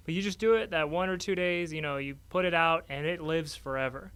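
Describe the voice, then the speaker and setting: A man with a bright, clear voice co-hosts a casual marketing podcast. He talks in an upbeat, conversational way. His voice sits a bit high, and the sound is dry and close. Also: fairly quick, hardly any pauses, dry recording. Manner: upbeat, conversational, pitches services. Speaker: co-host.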